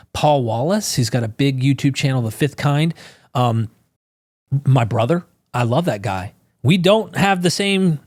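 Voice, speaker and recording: A man speaking as a podcast guest, telling stories with fervent emphasis and quick bursts of conviction. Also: medium pitch, darkish tone, no echo, clean studio sound. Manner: fervent, emphatic, acts out quoted people. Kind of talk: impassioned conversational storytelling.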